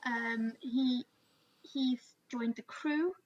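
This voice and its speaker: A woman playing a tabletop game in character, hesitant and halting with many fillers, on a dull lo-fi mic. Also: fairly high pitch, steady tone. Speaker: player.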